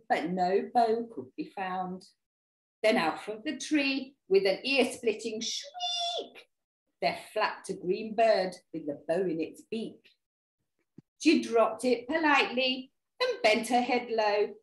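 A woman storyteller reading a picture book aloud to young children, expressive and engaging. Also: medium pitch, roomy sound. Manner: expressive, talks to young listeners. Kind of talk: animated read-aloud for children.

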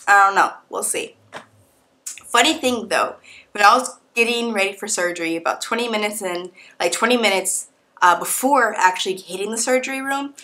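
A young woman vlogging casually, telling a story in a slangy, playful way and acting out what others said. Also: mid-range voice. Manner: animated, acts out quotes of doctors and nurses.

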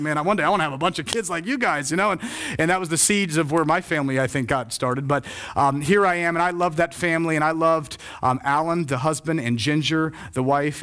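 A man's voice: on the high side, a bit bright. A man preaching a sermon as pastor, impassioned, acting out quoted prayers and laments. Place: church sanctuary.

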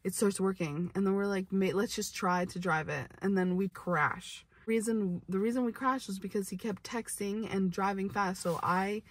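A young woman vlogger speaks at normal speed with few pauses in a mid-range voice, no room sound audible. Her casual storytelling to camera rambles with frequent "like" and restarts, and her voice comes from some distance from the mic.

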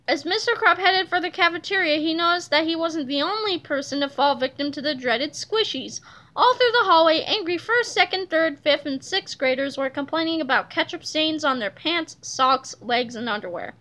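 Female reader, children's book aloud, lively, high and bright. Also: normal speed.

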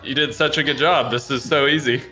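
A man's voice: medium pitch, fairly even intonation, a little fast. A man hosting a casual movie guessing game, teasing and laughing often. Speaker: game host reading movie quotes. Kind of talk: casual playful game banter. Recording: roomy sound with loud music behind. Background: music.

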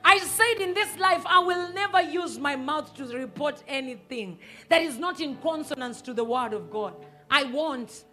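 A woman pastor, preaching a sermon emphatically and sometimes rising to a shout. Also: high voice, animated, moderate pace, faint music behind. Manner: emphatic, rises to shouts and acts out quoted voices.

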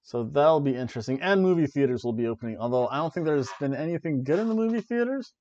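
A man hosting a wrestling review podcast, ranting and joking sarcastically in a casual, animated way. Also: a little high, quick pace. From Florida, USA. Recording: dull lo-fi dry recording.

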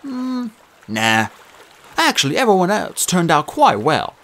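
A man voicing a sly, smooth-talking male god in a put-on mixed British and Australian accent for an audiobook. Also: sits high, wildly swooping pitch, measured pace, fairly bright tone, pitched above the performer's own voice, heavily acted. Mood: breezy. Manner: breezy, teasing. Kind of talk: audiobook reading.

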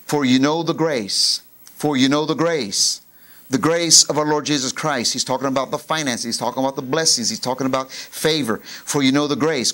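A middle-aged man preaching a sermon, lively, acting out old conversations as he tells his story. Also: a little high. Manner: animated, acts out dialogue in raised voice. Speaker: pastor.

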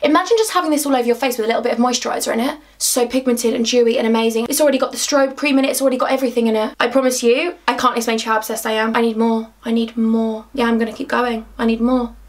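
A woman's voice: fairly high pitch, steady tone, racing, hardly any pauses. Bubbly young woman vlogger. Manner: bubbly, gushing, talks to herself. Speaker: beauty vlogger. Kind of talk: excitable makeup vlog. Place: home bedroom.

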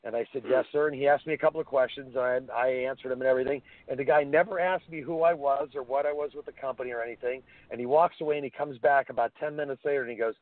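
A man's voice: medium pitch, racing, few pauses, no room sound. A man, guest on a radio show, telling enthusiastic anecdotes over the phone. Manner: enthusiastic storyteller, animated anecdotes. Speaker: guest, helmet pad inventor. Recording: dry tinny phone line.

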